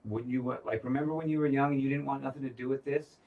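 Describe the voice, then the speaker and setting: Casual podcast co-host, male, mid-pitched, heavy cursing, recaps scenes, a bit off-mic. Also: fairly even intonation, quick pace, creaky, distant mic, phone-quality sound. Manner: profane, retells scenes quoting characters.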